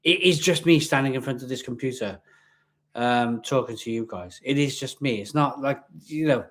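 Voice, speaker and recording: A man's voice: medium pitch, normal speed, a bit bright. Chatty man on a home livestream. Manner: chatty, repeats himself, talks to viewers. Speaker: beer reviewer livestream host. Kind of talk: casual live-stream chat. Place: at home in front of a laptop webcam. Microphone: laptop webcam.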